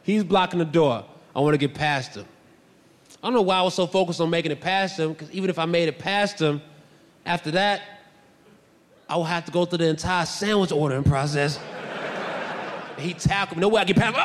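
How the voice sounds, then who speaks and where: High-voiced man doing stand-up storytelling. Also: a little fast, long reverb tail, slight background noise. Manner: animated, swings into shouted bits. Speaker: stand-up comedian.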